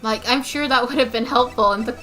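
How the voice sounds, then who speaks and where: Woman streamer, casual let's-play chatter, giggly, bright voice, slightly high. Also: a little fast, faint music behind. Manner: giggly, self-commenting.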